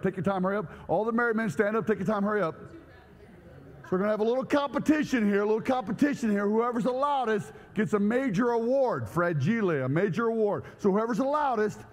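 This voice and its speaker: Male preacher, high voice, jokey and energetic with the crowd, long hall reverb. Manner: joking, energetic, banters with the audience. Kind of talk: humorous sermon to a live congregation.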